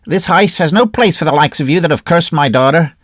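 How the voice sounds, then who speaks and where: A man's voice: fairly high pitch, a little fast, a bit bright, no room sound, clean studio sound, pitched above the performer's own voice. A man voicing a stern, proud old mother. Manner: stern, dismissive. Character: old Irish soldier's wife, stern and proud.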